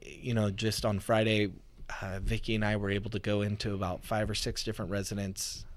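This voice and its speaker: A man co-hosting a casual talk show, telling stories in a relaxed, easygoing way. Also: on the low side, brisk. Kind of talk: casual studio chat.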